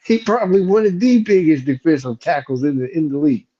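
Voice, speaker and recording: A man's voice: fairly high pitch, animated, fast talker, dark tone, highs cut off. A man co-hosting a casual sports podcast, venting heatedly as a fan and swearing freely. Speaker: podcast co-host.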